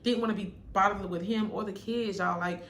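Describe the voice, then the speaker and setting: A young woman speaks to her viewers in an open, conversational way, telling her own story. Her voice has a mid pitch and carries the echo of a bare room, with faint background hiss. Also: fairly even intonation, a little fast. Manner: candid, addresses viewers as y'all, quiets when sad. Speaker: vlogger. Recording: echoey room with faint noise.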